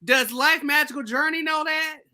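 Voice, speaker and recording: A livestream host interviewing a guest in a lively, giggly, affectionate way. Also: high-pitched, moderate pace, background noise. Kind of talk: casual interview chat.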